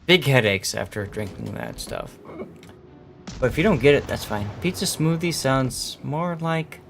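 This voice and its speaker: A man's voice: medium pitch, big pitch swings, a little slow, vocal fry, a bit bright, faint music behind. A man hosting a casual gaming stream, joking, swearing and laughing as he plays. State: has the hiccups. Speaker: streamer and game host.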